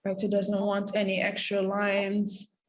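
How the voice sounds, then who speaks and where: A woman acting teacher taking questions in an online workshop, explaining in a lively way and acting out short examples. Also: mid-range voice, unhurried, roomy sound. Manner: lively, acts out examples with laughter.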